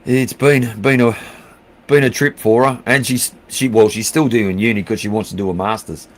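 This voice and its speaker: A middle-aged man with an Australian accent hosts a relaxed stream, reading out viewer messages one by one. He talks at an ordinary pitch in a blunt, easygoing way, swearing freely and calling everyone mate. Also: normal speed. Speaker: livestream host. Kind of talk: casual chat reading out viewer comments.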